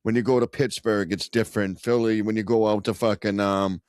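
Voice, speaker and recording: A man with a Boston accent hosting a podcast, telling stories in a loose, profane, animated way. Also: fairly low pitch, brisk, no room sound, studio quality. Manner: animated, swearing storyteller. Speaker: podcast host. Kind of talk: casual profane chat.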